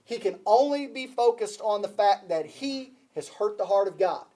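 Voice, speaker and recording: A man's voice: sits high, expressive, moderate pace, mellow. A man preaching a sermon to a congregation, emphatic, repeating key phrases and asking the listeners questions. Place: church before a congregation.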